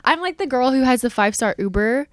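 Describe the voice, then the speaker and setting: Woman from Canada, young, animated storyteller, acts out voices, fairly high pitch. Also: quick pace, no echo, clean studio sound. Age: young adult. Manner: animated, acts out dialogue, frequent "like". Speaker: podcast co-host. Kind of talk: casual storytelling chat.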